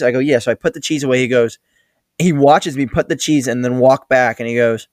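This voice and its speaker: A man's voice: mid-range voice, a little fast, dry recording, studio quality. A young man hosting a casual podcast, telling a work story with plenty of swearing and acting out the voices of others. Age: young adult. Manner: swearing, acts out the other people in his stories. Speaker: podcast host.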